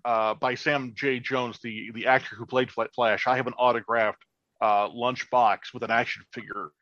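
Brief: halting, blunt, foul-mouthed male podcast co-host, dry close mic. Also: mid-range voice, steady tone, fairly bright tone, no echo, dull audio. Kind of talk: casual chat.

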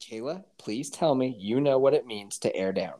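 A woman's voice: rumbling low, animated, moderate pace, dark tone. A woman co-host teasing and interrupting with jokes and swearing in a casual chat. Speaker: podcast co-host. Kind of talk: casual banter.

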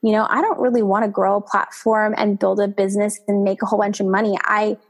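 A woman's voice: medium pitch, level tone, fast. A woman co-hosting a casual faith podcast, speaking in a reflective, earnest way about presence and love.

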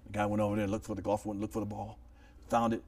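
A man hosting a casual comedy talk show, telling jokes with lively acted-out voices. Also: on the low side, racing, recorded from a distance. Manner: animated joke-telling with shouted voices and laughs. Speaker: host.

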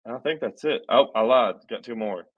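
A man's voice: medium pitch, a little fast, muffled recording. A man hosting a casual podcast in loose, rambling talk. He swears freely, trips over his words and laughs at his own mistakes. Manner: rambling, swears, self-mocking with restarts. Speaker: podcast host.

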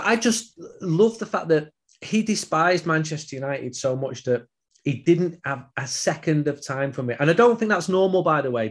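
Chatting casually on a football podcast where he's a regular, a man talks with a voice on the high side. He's self-deprecating and often repeats words as a thought gets going.

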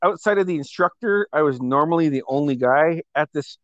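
A man's voice: fairly high pitch, brisk, dry recording, lo-fi sound. A man telling rowdy party stories in a casual chat, swearing freely and laughing as he goes. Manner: profane, animated storytelling with laughter. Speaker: host.

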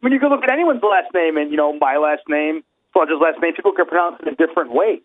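A man's voice: fairly high pitch, fast, dry recording. A man co-hosting a podcast in casual chat, rambling and arguing with many fillers. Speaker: podcast co-host. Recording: tinny phone-line sound.

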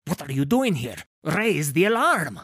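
A man voicing a rotund, nervous male soldier who barks orders in a shrill voice. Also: huge pitch swings, measured pace, pushed and bright, breathy edge, no echo, studio quality, heavily acted. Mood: shrill, bossy. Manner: barking orders.

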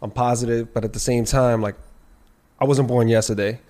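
A man chatting casually on a podcast, with a voice of ordinary middle pitch. He tells his stories in animated, slangy bursts and often restarts mid-sentence. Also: normal speed. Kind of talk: casual chat.

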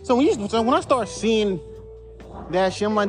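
A man's voice: high voice, animated, moderate pace, music in the background. A man who raps, ranting in a casual, profane, heated way on his podcast. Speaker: podcast host, rapper. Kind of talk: casual rant.

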